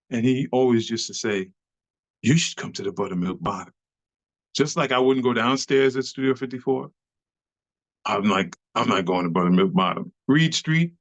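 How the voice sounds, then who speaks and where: A man, a club dancer telling stories as an interview guest, slangy and profane and acting out the people in them. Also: mid-range voice. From New York City. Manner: animated storyteller, slangy and profane, acts out quoted people. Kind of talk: casual storytelling interview. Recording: slightly dull lo-fi recording.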